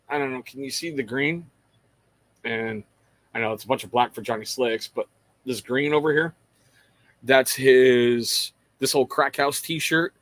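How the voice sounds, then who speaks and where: A man's voice: mid-range voice, a bit bright, no echo. A middle-aged man hosting a livestream, chatting casually and rambling to viewers, calling out their names and swearing freely. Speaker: livestream host.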